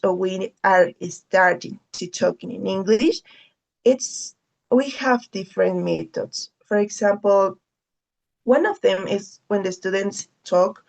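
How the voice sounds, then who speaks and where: A woman's voice: mid-range voice, vocal fry, a little mellow. A woman whose first language is Spanish teaching an English class, patiently repeating key phrases and often checking in with "okay?". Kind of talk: online class instruction.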